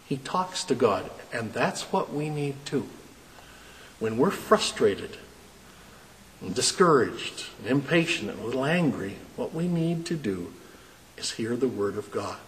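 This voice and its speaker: A man preaching a sermon, reading scripture dramatically and then explaining it in a lowered, earnest voice. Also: sing-song, unhurried, a little hiss or hum. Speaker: pastor. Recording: long reverb.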